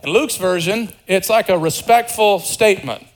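A man preaching a sermon, animated and conversational, acting out the lines of people in the story with asides to the congregation. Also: sits high, moderate pace. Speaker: pastor.

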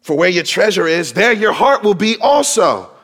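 A man's voice: high-pitched, sing-song, moderate pace, fairly bright tone. A man preaching a sermon to his congregation, emphatic and quoting scripture in dramatic voices. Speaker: pastor.

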